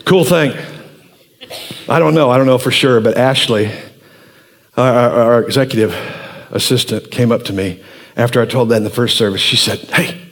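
A man in his sixties, a pastor telling a story in a sermon in an animated, earnest way. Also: medium pitch, moderate pace, pauses often.

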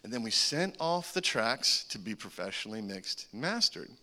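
A man in his forties preaching a sermon as a humorous, animated story, often chuckling between lines. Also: fairly low pitch, normal speed. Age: 40s. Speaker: pastor.

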